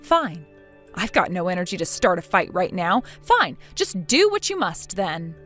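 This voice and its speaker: A woman's voice: fairly low pitch, very animated, measured pace, a bit bright, faint music behind, voice pushed down, full character voice. A synthetic woman's voice playing a defiant young daughter-in-law in a text-chat story, sarcastic and dismissive. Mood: upset.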